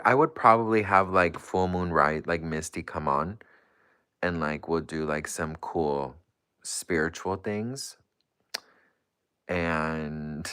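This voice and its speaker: A man's low voice comes across as clear, resonant and a bit bright. He hosts a casual livestream, reading out viewers' comments and chatting in a gushing, rambling way with lots of "like".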